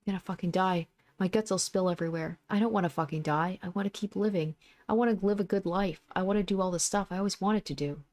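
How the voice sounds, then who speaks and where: Woman reading as a scared young thug guy begging over and over, a bit higher than her usual. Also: fast talker, darkish tone, lightly acted. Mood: pleading. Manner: frantic repeated pleading. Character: terrified young male thug begging for his life.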